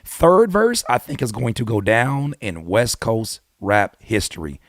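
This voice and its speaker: An excitable man on a casual live reaction stream, his voice leaping around in pitch as he bursts out and then drops to a mutter. He mixes read-aloud notes with slangy commentary. The sound is dry and close, with no room echo. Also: measured pace. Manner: excitable, swings from loud exclamations to muttering. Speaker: YouTube host reacting to a song.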